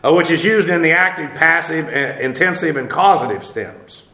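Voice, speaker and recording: A man teaching the Bible verse by verse, halting with many "uh"s as he spells out Hebrew words, then pressing his points emphatically. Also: a little high, pushed and bright, roomy sound. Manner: emphatic, preacherly warnings.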